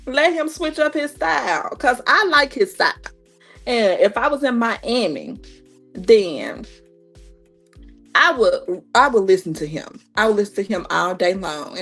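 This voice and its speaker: Gravelly-voiced woman recapping reality TV. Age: 30s. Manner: animated, acts out cast lines in a higher voice. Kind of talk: casual TV recap commentary.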